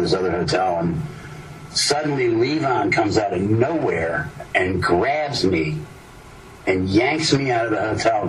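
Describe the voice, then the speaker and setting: A man telling meandering anecdotes, breaking off mid-sentence and chuckling at his own stories. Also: fairly low pitch. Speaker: storyteller. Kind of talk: rambling anecdotal storytelling. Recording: distant mic with clear background noise.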